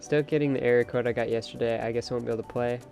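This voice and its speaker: Racing along in a steady, gravelly, darkish medium-pitched voice, a young man hosts a late-night game stream. He chats casually, shares strong opinions, and reads out chat, with faint music underneath.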